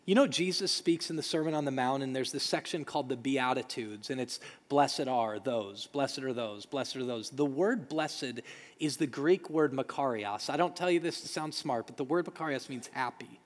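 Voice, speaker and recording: A man's voice: medium pitch, normal speed. Earnest preacher man, reverberant hall. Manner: earnest, emphatic repetition. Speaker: pastor. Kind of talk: sermon.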